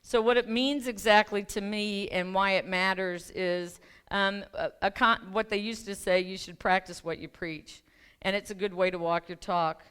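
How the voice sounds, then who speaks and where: Speaking in a mid-range voice that is clear, resonant, and fairly bright, a woman tells a personal story from the pulpit of a church sanctuary. She is a life coach serving as guest speaker, and her sermon is chatty and self-deprecating, with shared laughter from the congregation.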